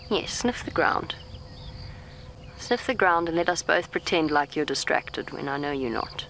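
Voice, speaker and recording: A woman safari guide, speaking softly and calmly outdoors, coaxing an elephant and explaining to viewers. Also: deep voice, unhurried, creaky, poor audio. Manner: calm, coaxing, talks gently to the animal. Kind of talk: live commentary to viewers while coaxing an elephant. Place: outdoors in a safari vehicle in the bush. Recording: faint outdoor bush noise, insects.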